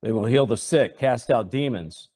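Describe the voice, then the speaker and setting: A man's voice: medium pitch, moderate pace, warm tone. A middle-aged man hosting a religious talk show, preaching fervently with rhetorical questions and repeated words. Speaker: host and preacher.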